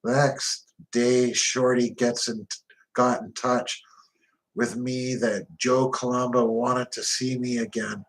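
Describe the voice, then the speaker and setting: A male narrator recounts his own crime memoir slowly and deliberately, in a blunt, profane, tough-guy manner. His pitch is middling and his tone level, and the recording is rough.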